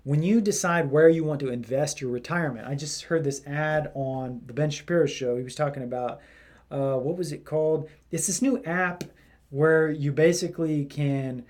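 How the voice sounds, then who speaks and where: A man's voice: a little high, darkish tone. A man hosting casual political commentary, talking in a rambling way with lots of fillers. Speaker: commentary host.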